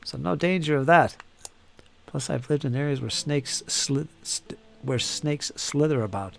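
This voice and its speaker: A man's voice: fairly high pitch, unhurried, vocal fry. A man hosting a live painting stream, chatting casually and teasing viewers as he reads their comments aloud. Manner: joking, teasing chatter with frequent laughs.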